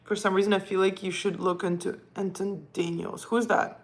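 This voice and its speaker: A woman who grew up speaking Russian hosts a casual live stream, reading comments from viewers aloud and addressing her cat. Her mid-range voice moves little in pitch, and her pace is moderate.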